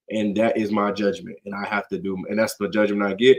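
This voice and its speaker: A man's voice: on the low side, a little fast, fairly bright tone. Slangy man teaching scripture. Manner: conversational, slangy, acts out dialogue, constant "you get what I'm saying". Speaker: teacher leading a scripture study.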